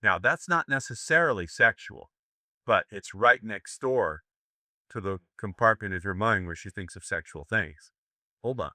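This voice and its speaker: A man's voice: on the low side, expressive, moderate pace, sharp tone, dry recording, clean studio sound. An older American man giving a live seminar lecture, brash and profane, joking with his audience. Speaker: seminar instructor.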